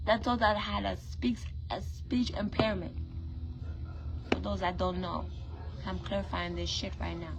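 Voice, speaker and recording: Here the Brooklyn vlogger sounds fairly high-pitched, bright and pushed. With her Trinidadian-influenced accent, she rants bluntly and profanely to camera, leaning on emphatic rhetorical questions.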